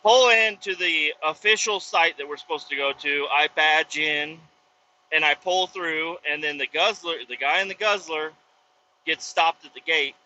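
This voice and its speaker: Guy ranting in his truck, really bright sharp voice, kinda dull lo-fi sound w/ faint road noise. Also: fairly high pitch, moderate pace. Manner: profane, animated, acts out voices in retelling. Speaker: vlogger and truck driver. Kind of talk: casual storytelling. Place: inside a pickup truck with windows down.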